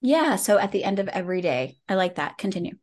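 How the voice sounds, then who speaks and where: A woman hosting a casual interview podcast, animated and playful, laughing often and talking in loose rambling asides. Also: medium pitch, quick pace. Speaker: podcast host.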